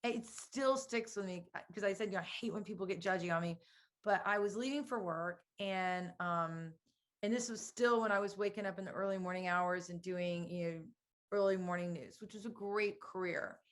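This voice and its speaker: A woman hosts a conversational interview, chatty and hesitant as she tells a story packed with fillers. Her mid-range voice moves at a normal speed.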